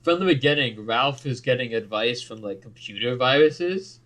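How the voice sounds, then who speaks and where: A man's voice: medium pitch, animated, moderate pace, fairly bright tone. A young man co-hosting a podcast, chatting casually, joking and swearing a lot. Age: young adult. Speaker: podcast co-host. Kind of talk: casual chat.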